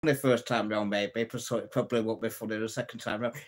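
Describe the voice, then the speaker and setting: A man's voice: lowish voice, fairly even intonation, fast talker. Jokey man on a live stream. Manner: jokey, chatty, chuckles at his own puns; greets and answers viewers' comments. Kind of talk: casual live-stream chat telling jokes.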